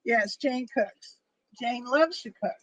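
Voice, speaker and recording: A woman's voice: on the high side, takes it slowly, dull audio. A woman chatting on a back porch, upbeat and emphatic as she trades stories with her friend. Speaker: friend and guest. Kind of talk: casual chat. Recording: faint outdoor noise.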